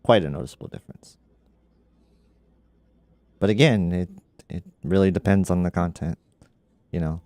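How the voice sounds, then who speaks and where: A man's voice: low voice, moderate pace, pauses often, darkish tone, dry recording. A man hosting a casual tech livestream, laid-back and laughing often, with lots of "like" in his talk. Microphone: studio microphone.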